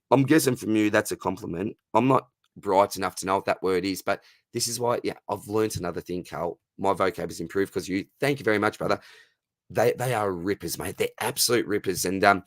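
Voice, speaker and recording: A man in his thirties with an Australian accent, hosting a casual live Q&A, friendly and matey, his voice going hoarse. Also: deep voice, dry recording. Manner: matey and friendly, calls viewers mate and brother. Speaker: livestream host answering fantasy football questions.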